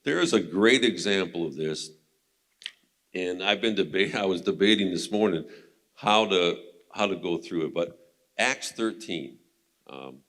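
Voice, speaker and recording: A man's voice: low-pitched, lively intonation, unhurried, long pauses, a bit bright. A man teaching a men's Bible study in a casual, conversational way, retelling scripture stories and laughing now and then.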